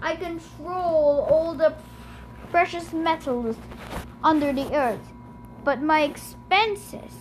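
A woman's voice: sits high, slow pace, slight background noise. A woman reading the lines of an indignant, grumbling male god of the dead.

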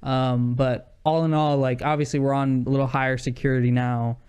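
A young man telling a heated story in casual chat on a podcast, animated and saying "dude" a lot. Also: medium pitch, a little fast, clear, resonant tone.

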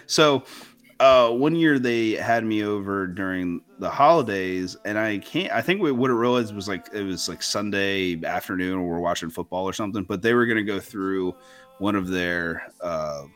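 A man's voice: fairly low pitch, normal speed, fairly bright tone. Rambling man, casual storytelling. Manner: rambling, self-interrupting, laughs often. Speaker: podcast co-host.

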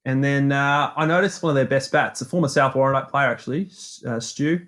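An Australian man co-hosting a podcast, telling long anecdotes in a lively, self-mocking way. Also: medium pitch, a little fast. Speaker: podcast co-host. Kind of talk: casual storytelling chat.

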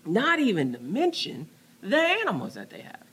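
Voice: medium pitch, wildly swooping pitch, moderate pace, fairly bright tone, slightly rough, pitched above the performer's own voice, full character voice. A preacher acting out God in a sermon, challenging a prophet with exasperated, emphatic questions. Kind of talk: dramatized scripture reading in a sermon.

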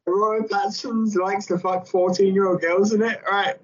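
A man's voice: high voice, level tone, normal speed. A man chatting casually on a podcast, rambling and playful, often laughing. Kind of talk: casual chat. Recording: dull lo-fi sound.

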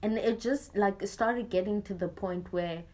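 A young woman telling a personal story in casual conversation, animated and laughing often, acting out what people said to her. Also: mid-range voice, unhurried. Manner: animated, acts out quoted exchanges, laughs often. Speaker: guest.

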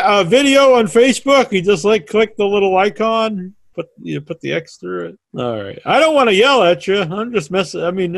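A man's voice: sits high, creaky, no room sound. A man hosting a podcast live stream in a casual, joking, teasing and rambling way. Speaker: podcast host.

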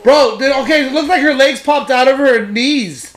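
A man co-hosting a podcast, chatting casually while reacting to videos, excitable, laughing often and swearing freely. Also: extremely high pitch, normal speed. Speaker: podcast co-host.

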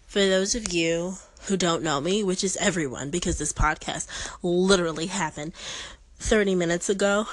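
A woman's voice: fairly low pitch, fairly bright tone, poor audio. A young woman hosting a podcast, chatting casually and rambling through stories with joking asides. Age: young adult. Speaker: podcast host.

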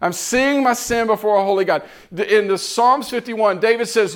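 A man's voice: sits high, moderate pace, few pauses, fairly bright tone. A man giving an impassioned, earnest sermon testimony, repeating phrases as he builds.

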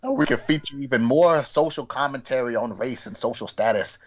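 A man's voice: medium pitch, brisk, muffled recording, a little hiss or hum. A man hosting a casual comedy podcast game, playfully quizzing the panel and explaining the rules.

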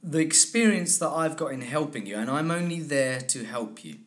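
A man's voice: fairly high pitch, lively intonation, normal speed. Earnest rambling male dialect coach. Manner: rambling, many restarts, earnest advice. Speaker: accent and dialect coach, guest. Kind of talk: conversational interview.

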